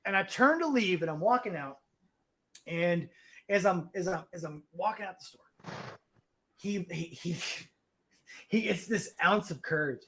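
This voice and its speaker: A man with a fairly high voice tells a story in loose, casual chat, swearing freely. He acts out the other people in his stories, jumping between voices as he goes. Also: lively intonation, measured pace, long pauses, a bit bright, slight background noise. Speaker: guest on a call-in talk show.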